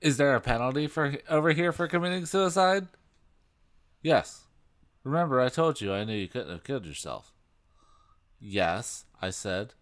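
A man's voice: mid-range voice, expressive, moderate pace, long pauses. A man co-hosting a comedy podcast, reading a book aloud with dry, mocking asides. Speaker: podcast co-host.

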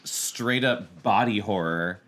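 A man's voice: lowish voice, takes it slowly. A man co-hosting a podcast, reading aloud and joking, laughing often. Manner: animated, laughs often, jokes over the reading. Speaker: podcast co-host. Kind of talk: casual chat and read-aloud.

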